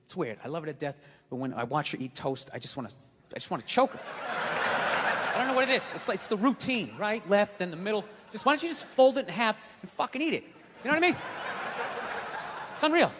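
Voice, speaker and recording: A man doing a stand-up comedy set on stage, ranting and profane, swinging between low mutters and shouts, with audience laughter. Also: very animated, fast talker, pauses often. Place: large theater stage. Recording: live theater, long reverb, audience noise.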